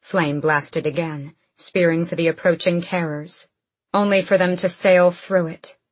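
A woman narrating a fantasy audiobook in a measured, steady storytelling manner. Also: fairly low pitch, dry recording.

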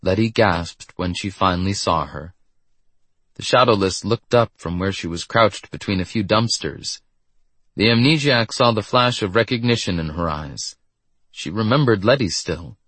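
A man with a husky voice reading a story in steady scripted narration. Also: fairly low pitch, moderate pace, no echo.

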